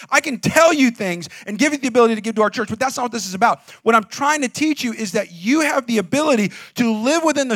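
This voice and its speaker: High bright-voiced pastor preaching emphatically. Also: male voice, dry recording, clean studio sound. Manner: emphatic, conversational, fillers of "like", builds to shouts. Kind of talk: sermon. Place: church.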